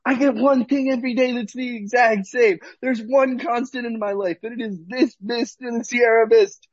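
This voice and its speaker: A man acting out a furious fifty-something drive-thru customer who rants and yells. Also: extremely high pitch, steady tone, normal speed, no room sound, muffled recording, voice pushed up. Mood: ranting. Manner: ranting, yelling.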